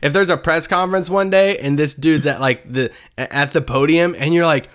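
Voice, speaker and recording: A man's voice: fairly high pitch, normal speed, hardly any pauses, fairly bright tone. A man co-hosting a podcast in casual chat, adding wry joking asides. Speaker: podcast co-host.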